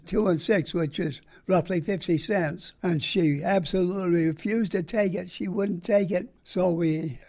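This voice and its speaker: Gravelly older American man telling old stories. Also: high-pitched, a little mellow. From United States. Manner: rambling folksy storytelling. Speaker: war veteran interviewee. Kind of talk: oral history interview.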